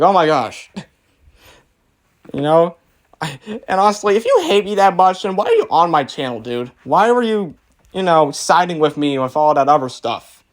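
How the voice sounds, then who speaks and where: A man hosting a commentary video, reading out comments and mocking them in a rambling, filler-heavy way, laughing at his own jabs. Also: a little high. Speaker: channel host reacting to comments.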